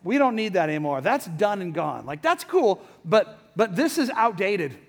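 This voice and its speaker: Middle-aged guy pastor giving a sermon, kinda high voice, talky and lively, lots of "right?", long echo off a big hall. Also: normal speed. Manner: lively, chatty, asks the crowd questions.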